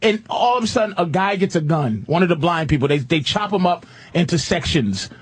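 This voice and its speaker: A husky, slightly high-pitched man spins a rambling, swear-laden story in loose podcast chat. He retells a movie plot with animated energy. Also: a little fast. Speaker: podcast co-host. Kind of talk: casual profane chat.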